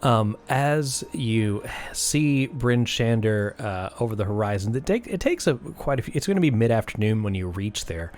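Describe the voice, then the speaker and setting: A young man narrating as game master in a tabletop game, relaxed and hesitant, laughing often. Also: lowish voice, moderate pace, few pauses, faint music behind.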